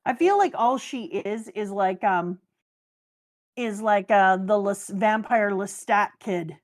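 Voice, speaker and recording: A woman's voice: mid-range voice, slow pace. A woman hosting a casual chat, gushing and joking her way through an anime recap. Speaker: host.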